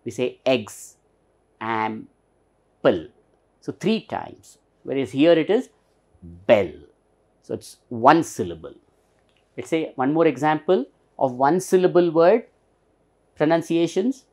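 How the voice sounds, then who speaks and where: A man's voice: fairly high pitch, expressive, measured pace, mellow. A man teaching a pronunciation lesson, patiently spelling out and repeating words. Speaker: English teacher.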